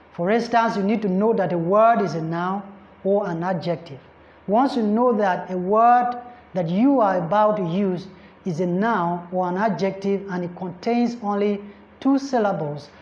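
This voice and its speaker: In a classroom lecture style, a woman tutors for an English exam, repeating points, spelling words out letter by letter, and checking that listeners understand. Her voice is medium-pitched with a darkish tone, heard in an echoey room with slightly dull sound.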